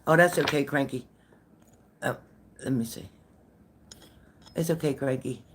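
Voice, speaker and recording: A woman's voice: a bass voice, a little slow, slight background noise. Chatty older woman hosting a live stream. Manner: chatty, greets viewers by name, repeats phrases. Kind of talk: casual live-stream chat with viewers.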